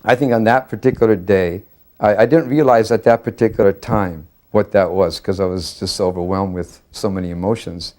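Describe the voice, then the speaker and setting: An older man with a somewhat low voice recalls a personal memory in an interview. He talks earnestly but haltingly, breaking his sentences with frequent fillers. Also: fairly even intonation, darkish tone. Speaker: devotee sharing memories. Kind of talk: reminiscing interview.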